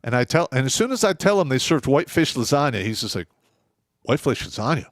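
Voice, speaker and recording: A man co-hosting a casual podcast, telling profane war stories with loud outbursts. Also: mid-range voice, sing-song, fast. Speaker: co-host; former first sergeant.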